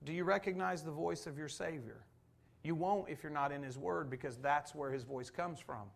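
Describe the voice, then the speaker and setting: A man in his forties preaches in a church with a noticeably high voice. He presses his points earnestly and drives them home with repeated rhetorical questions. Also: moderate pace, gravelly. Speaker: pastor. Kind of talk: sermon.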